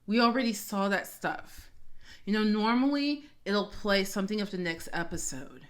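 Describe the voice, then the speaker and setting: Excitable woman reaction host; casual, dramatic, mid-pitched. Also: moderate pace. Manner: excitable, dramatic, repeats exclamations.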